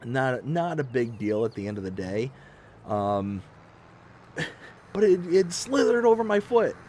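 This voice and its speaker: A man in his thirties telling stories on a casual live game stream, animated and self-mocking. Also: mid-range voice, unhurried, a little hiss or hum.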